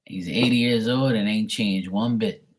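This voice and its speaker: A man's voice: on the low side, moderate pace. A middle-aged man reading tarot on a live stream, telling a rambling family story in casual chat, swearing and mimicking his relatives. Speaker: tarot reader.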